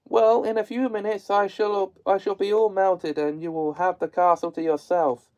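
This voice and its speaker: Cruel old storybook witch, shrill and loud; male reader doing the voice. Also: little pitch movement, moderate pace, dull audio, natural voice. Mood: wailing. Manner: high, shrill put-on voice. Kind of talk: storybook reading.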